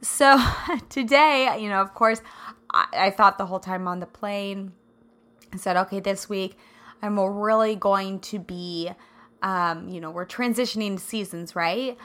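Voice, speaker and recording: A woman from the Midwest hosting a casual solo podcast, bubbly and effusive, laughing often, her throat a little scratchy and raspy today. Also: medium pitch, fairly even intonation, a little slow, pushed and bright. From American Midwest. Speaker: podcast host.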